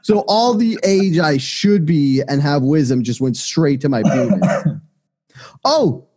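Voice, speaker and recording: A man's voice: a little high, expressive, slow, background noise. A man co-hosting a casual podcast, telling crude, joking stories from his day. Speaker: podcast co-host.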